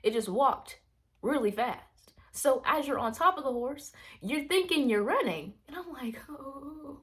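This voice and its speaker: A woman vlogger casually telling a rambling personal story, acting out her own reactions in hushed asides. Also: sits high, a little slow. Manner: animated, rambling, quotes herself in hushed asides.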